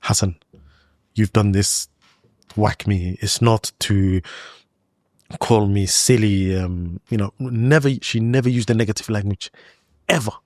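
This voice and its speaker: A man with a fairly low voice tells a personal story in a relaxed interview chat. He talks loosely, leaning on "like" and "you know" as he goes. The sound is close and dry, with no room echo. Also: unhurried. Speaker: guest. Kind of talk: casual storytelling in a podcast interview.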